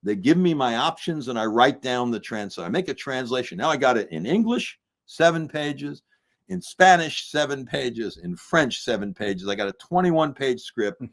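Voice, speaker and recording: A man's voice: medium pitch, normal speed. An older man, a filmmaker and musician, telling a long anecdote in an interview and acting out the people he quotes. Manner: animated storyteller acting out quoted voices. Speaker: filmmaker guest.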